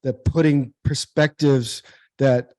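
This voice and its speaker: In an interview, an American former pro baseball player in his forties, now a speaker, earnestly tells a personal story as a guest, repeating words and acting out quoted dialogue. His mid-range voice is a little mellow, with fairly even intonation and a slow pace. The recording is dry.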